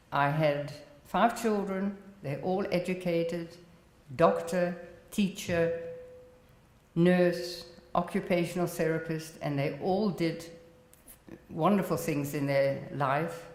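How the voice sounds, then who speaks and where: An older woman from the Netherlands with a South African accent, Dutch as her first language, telling her life story in plain, unhurried talk. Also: low voice, a little mellow. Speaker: Holocaust survivor speaker. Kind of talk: personal testimony talk. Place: college exhibit hall. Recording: roomy hall with long reverb.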